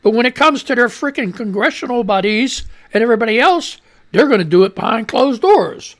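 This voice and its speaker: Man, radio host, angry profane news rant, animated swinging pitch, throat clearing and coughs. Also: a little fast. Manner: profane, angry, reads headlines aloud then rants; voice climbs higher when worked up. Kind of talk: ranting news commentary.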